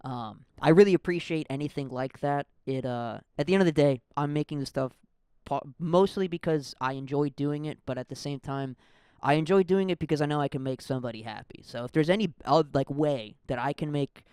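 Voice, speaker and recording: A man's voice: fairly high pitch, a little fast, darkish tone, clean tone, no echo, studio quality. A young man from the American Midwest hosting a casual solo podcast, rambling and self-deprecating with lots of fillers. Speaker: podcast host.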